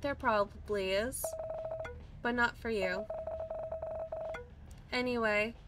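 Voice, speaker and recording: A woman reading a gentle, reassuring guide. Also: fairly high pitch, fairly even intonation, slow, over loud music.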